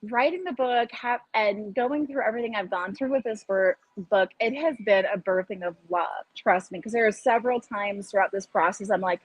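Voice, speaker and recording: A woman in her fifties, talking in an animated, upbeat way as a guest on a video call. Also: medium pitch, normal speed, few pauses, dry recording, low-quality recording. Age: 50s. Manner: animated, upbeat, laughs often. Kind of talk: casual interview talk.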